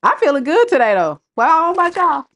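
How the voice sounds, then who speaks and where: Sassy, animated woman tarot reader. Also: high-pitched, quick pace. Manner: sassy, animated, laughing often, slangy. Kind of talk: live tarot reading stream.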